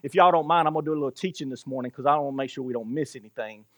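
A man's voice: medium pitch, racing, a bit bright. A male pastor giving a sermon in a conversational way, asking the congregation rhetorical questions and chuckling between points.

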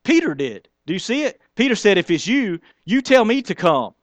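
A man's voice: high-pitched, sing-song, normal speed, dry recording, highs cut off. A man preaching a sermon, talking to the congregation in a conversational way and acting out the lines he quotes. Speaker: pastor.

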